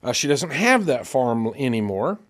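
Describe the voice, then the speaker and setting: A man preaching in a church, teaching a Bible class and reading scripture aloud, animated and speeding up when excited. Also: mid-range voice, normal speed.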